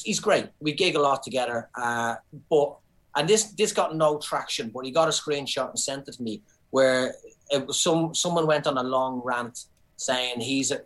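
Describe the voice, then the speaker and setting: A middle-aged Irish comedian in casual podcast chat, telling stories animatedly with swearing and indignant asides. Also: male voice, mid-range voice, a bit bright. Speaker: comedian guest.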